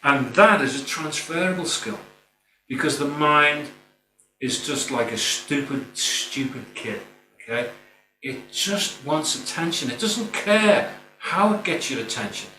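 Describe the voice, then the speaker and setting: A middle-aged man gives an earnest, informal spiritual talk, rambling a bit and often saying "you know." His voice sits on the high side, bright and forceful, with lively intonation and an unhurried pace. The roomy recording uses a distant mic with a faint hum.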